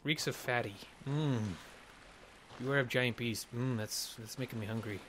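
A man's voice: mid-range voice, normal speed, a bit bright, a little hiss or hum. A man giving jokey let's play commentary, rambling and muttering to himself as he plays. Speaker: gamer.

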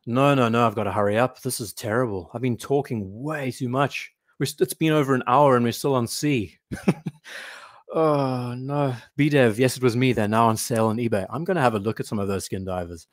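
A man's voice: mid-range voice, fairly quick, no room sound, studio quality. A man hosting a casual live stream, rambling and reading viewer comments aloud.

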